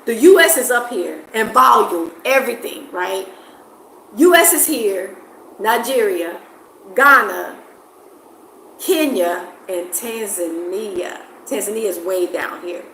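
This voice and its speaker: An expressive woman from the States, chatting casually to camera. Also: mid-range voice, slow pace, roomy sound, a little hiss or hum, rough recording. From United States. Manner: expressive, animated, laughs often. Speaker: vlogger.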